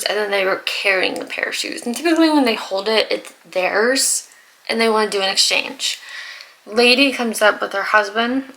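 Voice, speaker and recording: A young woman vlogger telling exasperated, animated stories about customers at work in a casual storytime while doing her makeup. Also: mid-range voice, creaky, a little hiss or hum, rough recording. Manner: exasperated, animated retelling with laughs and sighs. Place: home, getting ready in front of the camera.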